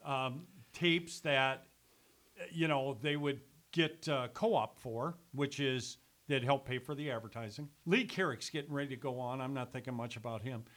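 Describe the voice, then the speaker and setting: Animated, bright-voiced older man telling stories. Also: mid-range voice, moderate pace. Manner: animated, laughing storyteller. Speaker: former sales executive, guest. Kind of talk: casual storytelling chat.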